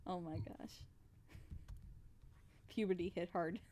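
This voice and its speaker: A woman's voice: on the low side, fairly even intonation, slow, dark tone, a little hiss or hum. A young woman voice actor chatting casually on a drawing stream. She laughs often and acts out what people said.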